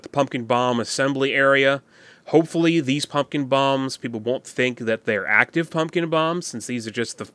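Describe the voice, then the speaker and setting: A man's voice: mid-range voice, fairly bright tone. A man casually walking through a game map he built, rambling and thinking aloud with frequent fillers.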